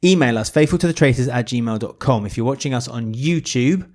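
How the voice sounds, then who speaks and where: A man's voice: mid-range voice, a little fast, a little mellow. A man from the UK co-hosting a casual podcast, chatting and reading out listener messages and plugs. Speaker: podcast co-host.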